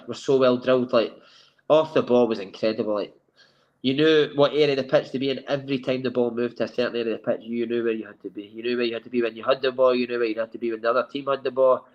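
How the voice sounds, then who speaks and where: A man with a Scottish accent, a guest telling lively anecdotes and acting out the dialogue in a sofa chat. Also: mid-range voice, highs cut off. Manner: lively storyteller who acts out quoted dialogue. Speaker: former footballer guest.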